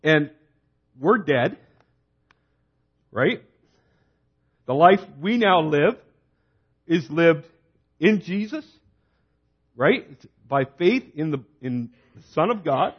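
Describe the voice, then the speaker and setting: A man's voice: on the high side, very animated, slow pace, pauses often, breathy edge, dull audio. A man preaching a sermon, urging listeners with short, repeated exhortations. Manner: urgent, repetitive exhortations.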